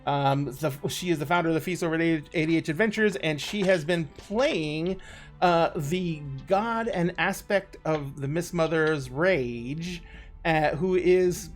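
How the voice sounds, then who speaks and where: A man's voice: fairly high pitch, measured pace, faint music behind. A middle-aged man hosting a live tabletop game stream as game master, laughing often and rambling through jokes while his voice cracks. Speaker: game master and show host.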